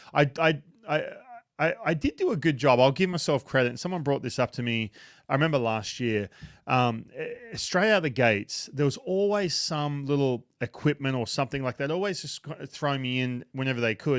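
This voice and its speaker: A talkative Australian man in his thirties, relaxed and self-deprecating as he chats through an interview. His voice sits at an ordinary male pitch and sounds dry and close, with no room around it. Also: a little fast, dry recording. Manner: self-deprecating, chatty, frequent restarts. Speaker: retired pitcher, baseball analyst. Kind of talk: casual interview chat. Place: home basement.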